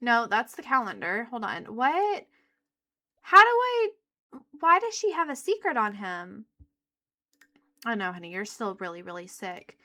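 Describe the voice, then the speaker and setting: A young woman chatting excitedly to her viewers as she plays a life-sim game, thinking out loud and gasping at surprises. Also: mid-range voice, normal speed. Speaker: gaming YouTuber. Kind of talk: let's play commentary.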